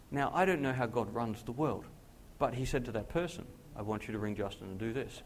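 A man preaches a personal testimony with a medium-pitched voice. He tells the story with great animation, leaping up in pitch to act out the dialogue. He then drops to a slow, soft delivery when he makes his points. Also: slight background noise. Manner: animated storyteller who acts out dialogue with big pitch jumps. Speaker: pastor.

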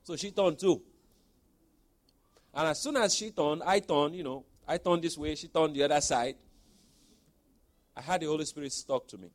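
A man in his forties preaches in an animated way, his voice sitting somewhat high for a man. He drops into quiet storytelling, then rises into loud exhortation. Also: normal speed, long pauses. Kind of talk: sermon with personal storytelling.

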